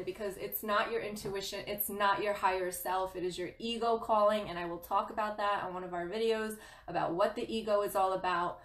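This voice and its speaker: A woman's voice: medium pitch, a bit bright, reverberant. A woman hosting a spiritual guidance livestream, giving an emphatic motivational talk. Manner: passionate, emphatic, laughs often.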